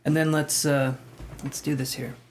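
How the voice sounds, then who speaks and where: On a live tarot reading stream, a man chats casually, greets viewers by name, and jokes about himself. His voice sits on the high side with a level tone and normal speed, and there is slight background noise.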